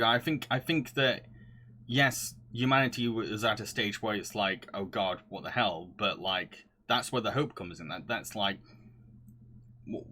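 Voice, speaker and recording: A man's voice: lowish voice, bright, forceful tone, slight background noise. Gushing man laughing through chat. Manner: gushing, laughs often, rambles with restarts. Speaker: streamer. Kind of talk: casual chat, reading chat.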